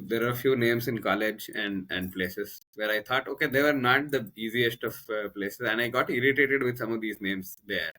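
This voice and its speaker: A man with an Indian English accent tells a personal story on a podcast. His voice is bright and forward in tone. He rambles and backtracks, with plenty of fillers and restarts. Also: mid-range voice. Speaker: podcast guest, coach. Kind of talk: casual conversational storytelling.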